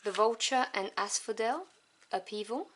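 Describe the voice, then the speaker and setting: A woman whose first language is French, reviewing tarot cards one by one. She lists each card softly and without hurry, adding fond little asides. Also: on the high side, slight background noise. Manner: soft, unhurried listing with fond asides.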